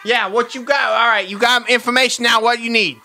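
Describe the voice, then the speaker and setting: A man voicing a hot-tempered, profane, streetwise caller on a prank phone call, loud and animated, swinging from rage to sweet talk. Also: very high voice, brisk, a little hiss or hum, full character voice. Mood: boisterous.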